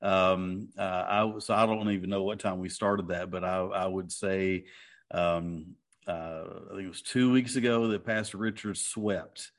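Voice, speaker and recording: A man's voice: sits low, fairly even intonation, a little slow. A man co-hosting a podcast in easygoing, rambling casual chat, often laughing. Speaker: podcast co-host.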